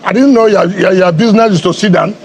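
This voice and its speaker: Man, middle-aged, high-pitched, combative, rhetorical, repetitive, heated interview. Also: fast talker, a little hiss or hum. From Nigeria. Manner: combative, rhetorical questions, repeats himself. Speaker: politician being interviewed.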